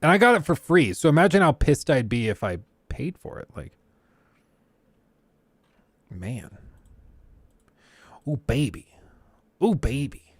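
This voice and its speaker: A man's voice: fairly high pitch, sing-song, a little slow, long pauses, dry recording. A man hosting a casual livestream, ranting bluntly and sarcastically to his chat. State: keeps choking on throat. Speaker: livestream host.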